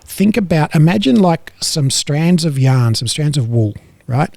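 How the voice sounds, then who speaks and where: An Australian man talks through a science explanation in a loose, hesitant way, full of fillers and restarts. His voice is mellow and dark. The sound is close and dry. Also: fairly high pitch, very animated, unhurried, vocal fry, dry recording. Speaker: educator. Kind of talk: casual explanatory chat.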